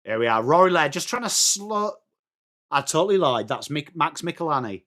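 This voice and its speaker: English man, fan match commentary, chatty and excitable, bright forceful voice, slightly high. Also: normal speed. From England. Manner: chatty, excitable, breaks into shouts at big plays. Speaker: host of a fan watchalong.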